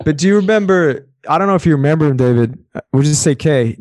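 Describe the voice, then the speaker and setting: A man's voice: a little high, fast, no echo. Aussie guy chatting on a podcast, americanized accent, swears a lot, does impressions, dry mic. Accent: Australian, partly Americanized. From Australia. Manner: animated storyteller who swears a lot and mimics others. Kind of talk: casual chat.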